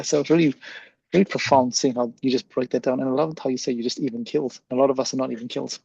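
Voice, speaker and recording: A man's voice: mid-range voice, steady tone, fast, vocal fry, a little mellow, slightly rough, no echo, muffled recording. A man hosting an interview podcast as a leadership coach, talking in an affirming, reflective way with frequent restarts. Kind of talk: conversational interview.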